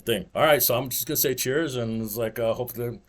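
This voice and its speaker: A man's voice: medium pitch, fairly quick. A man hosting a podcast in casual chat, rambling through stories with lots of "it's like" and laughing asides. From United States. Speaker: podcast host.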